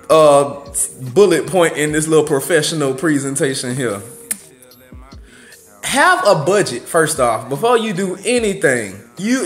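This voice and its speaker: Casting: high, bright-voiced young male vlogger, blunt and slangy, faint music underneath. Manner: blunt, slangy, profane, animated. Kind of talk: casual advice rant.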